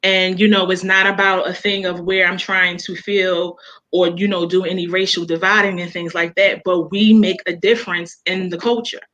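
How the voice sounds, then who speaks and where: A woman's voice: lowish voice, level tone, moderate pace, a bit bright, lo-fi sound. A woman author talking casually as an interview guest, telling emotional personal stories with many fillers and restarts.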